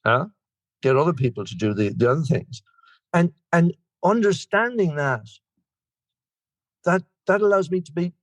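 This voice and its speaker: A man's voice: a little high, expressive, normal speed, pauses often, no room sound. An Irish man in his sixties, sharing his recovery story at a meeting in a rambling, self-deprecating way. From Ireland. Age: 60s. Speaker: guest speaker.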